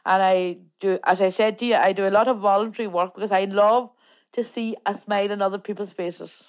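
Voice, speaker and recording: A woman's voice: mid-range voice, steady tone, brisk, muffled recording. An older woman with a Donegal Irish accent, telling plain-spoken, self-mocking stories as an interview guest. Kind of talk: casual storytelling.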